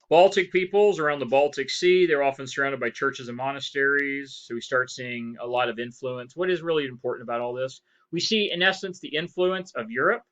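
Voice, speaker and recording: A man's voice: mid-range voice, sharp tone, muffled recording. A man giving a history lecture as professor, rambling, correcting himself and asking rhetorical questions. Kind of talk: recorded lecture.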